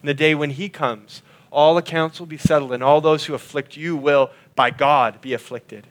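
Man, pastor, sermon, earnest, slightly high-pitched, drops voice for emphasis. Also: steady tone. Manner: earnest, slows and drops his voice on scripture lines.

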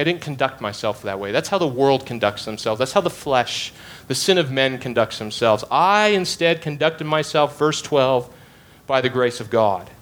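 A man's voice: medium pitch, fairly bright tone, slight background noise. A man preaching an expository sermon, emphatic and repeating phrases to drive his points home.

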